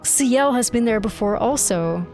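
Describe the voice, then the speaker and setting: A young woman streamer reacting live to a game, excitable and gushing, swearing freely. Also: fairly high pitch, normal speed. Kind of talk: live gameplay reaction commentary. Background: faint game music.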